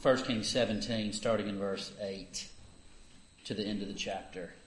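A man's voice: fairly even intonation, moderate pace, a little hiss or hum. A man reading scripture aloud at a church service with emphatic delivery. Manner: emphatic reading that lifts in pitch and volume for the scripture. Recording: echoey room.

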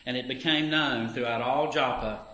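A man's voice: fairly even intonation, moderate pace, sharp tone. A man reading scripture aloud at a church service with emphatic delivery. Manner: emphatic reading that lifts in pitch and volume for the scripture. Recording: echoey room.

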